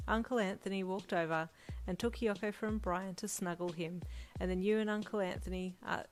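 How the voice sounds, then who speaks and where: A woman reading a second-person fan fiction audiobook in a steady, soft storytelling manner. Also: mid-range voice, normal speed. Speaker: fanfiction reader.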